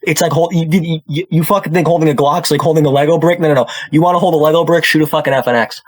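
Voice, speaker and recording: A man's voice: on the high side, fairly even intonation, very fast. A man with a New York accent, ranting bluntly and profanely in casual podcast chat.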